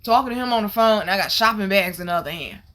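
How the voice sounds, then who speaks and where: A woman hosting her vlog, retelling a story in casual, animated, slang-heavy talk with plenty of swearing. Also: mid-range voice, rapid-fire. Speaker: vlog host.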